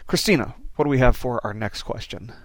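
A man's voice: medium pitch, lively intonation, brisk, dry recording, studio quality. A man hosting a Bible Q&A lesson, talking casually with plenty of fillers. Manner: conversational, loose, many "you know" fillers. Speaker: Bible teacher answering listener questions. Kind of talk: informal Q&A lesson.

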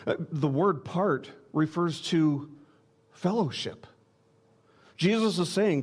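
Preaching slowly with long pauses, this pastor has a fairly high, animated voice, darkish in tone with a breathy edge. He speaks earnestly and directly, frequently stammering and restarting words to push his points.

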